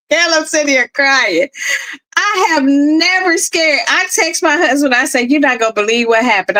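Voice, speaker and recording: Bright, high-voiced woman telling a story. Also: poor audio. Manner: animated, laughing often, addresses listeners as "girl". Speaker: podcast host. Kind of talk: casual storytelling chat. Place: at home, in her office.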